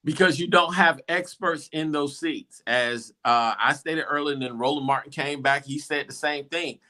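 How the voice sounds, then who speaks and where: Male co-host, emphatic, bright forceful voice, slightly high. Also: normal speed. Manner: emphatic, explanatory.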